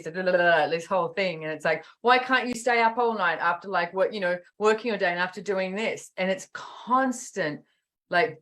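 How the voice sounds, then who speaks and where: A middle-aged woman, chatting casually as a podcast host and acting out quotes as she tells stories. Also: low voice. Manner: animated storytelling with acted-out quotes. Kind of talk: casual chat.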